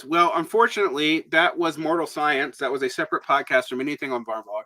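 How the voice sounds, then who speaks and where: A man's voice: a little high, fast, hardly any pauses, pushed and bright. A man hosting a casual live stream, answering chat questions in a rambling, digressive way with blunt asides. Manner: rambling, digressive, with many fillers; blunt, emphatic.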